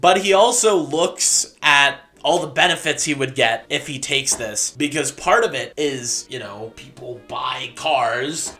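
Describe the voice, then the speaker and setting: A man hosting a video essay who explains history in a casual, animated way with joking asides. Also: medium pitch.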